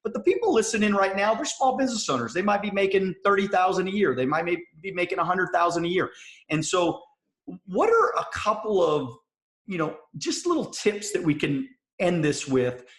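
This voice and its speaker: A man's voice: high-pitched, big pitch swings, normal speed, a bit bright. A man hosting an interview, speaking earnestly with loose phrasing and fillers. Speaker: host. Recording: echoey room.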